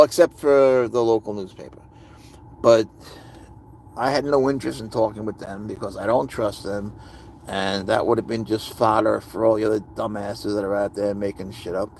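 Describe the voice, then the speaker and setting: A man with a lowish, gravelly voice rants with anger and a lot of swearing in a casual livestream monologue. A faint hiss of noise sits under the recording. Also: a little mellow. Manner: angry, profane ranting. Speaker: livestream host.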